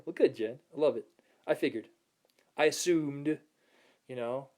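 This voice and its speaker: Casual male self-help host, easygoing and chuckling, mid-pitched voice. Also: measured pace. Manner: relaxed, laughs often, reads viewer comments aloud. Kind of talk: casual motivational talk to camera.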